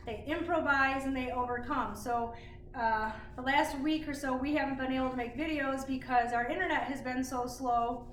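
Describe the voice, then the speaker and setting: A middle-aged woman leading a kids' exercise class, encouraging and counting reps aloud. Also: sits high. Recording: roomy, distant, faint noise.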